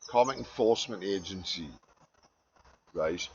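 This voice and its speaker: A man's voice: deep voice, a little slow, dull audio, noisy background. A man in a sweary, rambling monologue that swings between muttering and ranting.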